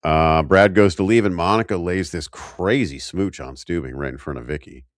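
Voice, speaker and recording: A man's voice: low voice, normal speed, no room sound, clean studio sound. A man co-hosting a podcast, recapping a TV episode in a rambling way with jokey asides. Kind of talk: casual chat.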